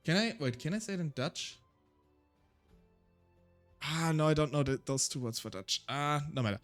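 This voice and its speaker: Chatty German-accented man, fairly high voice. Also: expressive, moderate pace, a bit bright, faint music behind. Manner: chatty, rambling, self-deprecating. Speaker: streamer. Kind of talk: casual solo stream chat.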